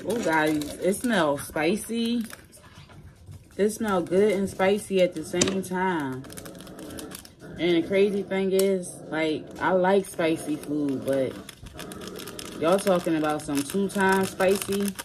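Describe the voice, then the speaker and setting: Slow-talking hoarse woman vlogger, lowish voice, chatty, talks to her viewers. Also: background noise. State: hoarse, coming down with a cold. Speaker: mukbang vlogger. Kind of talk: casual food challenge vlog.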